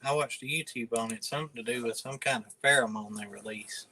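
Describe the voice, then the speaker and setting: A man's voice: mid-range voice, fast, pushed and bright, slight background noise, poor audio. A man from northern Alabama with a Southern accent, casually chatting with viewers on a livestream in a laid-back, mumbly drawl. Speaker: livestream host.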